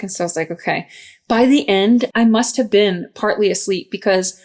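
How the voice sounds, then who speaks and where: A woman's voice: mid-range voice, a little fast, darkish tone. Woman, 30s, podcast co-host; giggly and chatty, reads reviews aloud casually. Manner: giggly, chatty, laughs often.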